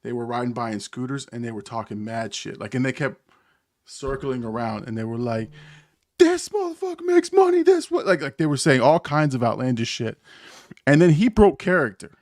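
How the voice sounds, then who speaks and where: A man hosting a casual live-stream chat, telling a gaming story with frequent laughs, stammers and high-pitched mimicry of others. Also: fairly quick, dry recording, clean studio sound. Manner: laughs often, stammers and restarts. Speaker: podcast host.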